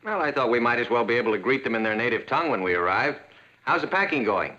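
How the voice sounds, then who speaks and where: Gutgelaunter Familienvater. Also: male voice, mid-range voice, lively intonation, quick pace, sharp tone, muffled recording. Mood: cheerful. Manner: reassuring, good-humored. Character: cheerful middle-aged family father. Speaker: father. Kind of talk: 1960s sitcom acting.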